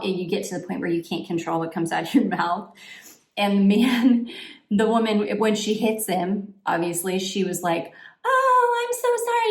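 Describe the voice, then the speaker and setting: Rambling woman vlogger in an echoey room. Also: medium pitch. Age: 40s. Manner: rambling, full of fillers and restarts. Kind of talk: casual chat while getting ready.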